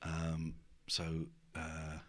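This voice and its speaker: A man's voice: rumbling low, monotone, very slow, slight background noise. A man hosting a casual late-night stream, reading out viewer comments with wry asides. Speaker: stream host.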